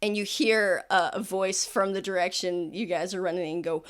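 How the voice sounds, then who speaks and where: A woman's voice: lowish voice, moderate pace. Chatty woman running a tabletop game. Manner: relaxed, chatty, many fillers. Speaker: game master.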